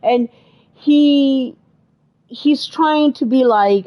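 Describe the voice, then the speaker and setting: A woman's voice: high-pitched, lively intonation, a little slow, lo-fi sound. A woman co-hosting a podcast, chatting casually and retelling movie scenes with exclamations and fillers. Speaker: podcast co-host. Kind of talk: casual chat.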